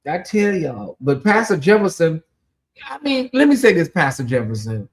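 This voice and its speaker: A channel host giving sassy live commentary on a TV show, reading viewer names aloud and breaking into loud exclamations. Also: mid-range voice, big pitch swings, moderate pace.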